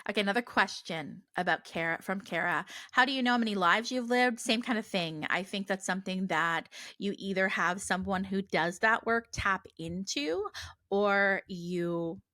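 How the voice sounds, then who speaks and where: A woman's voice: medium pitch, moderate pace, bright, forceful tone, dry recording, studio quality. A woman in her thirties hosting a casual podcast Q&A, talking earnestly and rambling with many fillers and restarts. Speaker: podcast host. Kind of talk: casual listener Q&A.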